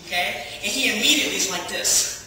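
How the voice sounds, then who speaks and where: A woman giving a personal testimony as a lively storyteller, acting out the dialogue and laughing often. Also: medium pitch, fast, background noise. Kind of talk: personal testimony to a church audience. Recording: echoey hall, from far off.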